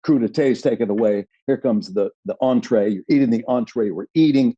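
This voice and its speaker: A middle-aged man, a guest on a podcast, telling stories in an animated, halting way. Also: medium pitch, husky, dry recording. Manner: animated, halting storytelling with restarts. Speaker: guest, actor. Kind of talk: podcast conversation, storytelling.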